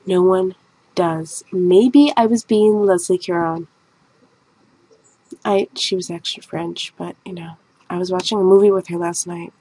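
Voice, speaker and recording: A woman's voice: on the low side, fairly even intonation, moderate pace, warm tone, breathy edge, poor audio. A woman artist with a somewhat nasal voice, chatting in a rambling, self-mocking way over a video of her painting.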